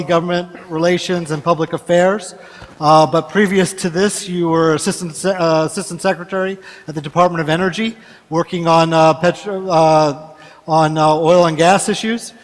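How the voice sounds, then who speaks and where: Stumbling moderator, slightly higher voice. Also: male voice. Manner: stumbling, many fillers. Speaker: panel moderator. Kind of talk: introducing a guest. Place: large conference hall. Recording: reverberant hall sound.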